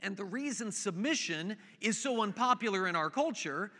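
A man's voice: high voice, expressive, moderate pace, sharp tone. A man preaching a sermon as pastor, conversational and storytelling, with asides to the congregation. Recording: hall reverb.

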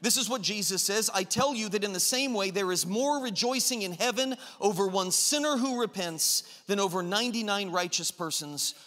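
A man's voice: high voice, pushed and bright, big-room sound. A man preaching a sermon, impassioned, who acts out the father's lines with rising intensity. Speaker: pastor.

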